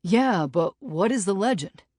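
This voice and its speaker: A woman's voice: medium pitch, lively intonation, unhurried, darkish tone, husky, dry recording, clean studio sound, pitched above the performer's own voice. A woman voicing a nervous, eager young man on the frontier, in an audiobook. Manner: eager, jittery.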